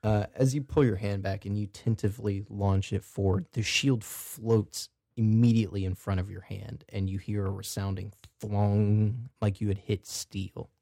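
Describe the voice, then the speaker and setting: A man's voice: lowish voice, steady tone, normal speed, gravelly, few pauses, mellow, no room sound, studio quality. A man narrating a tabletop game as game master in a casual way with many fillers.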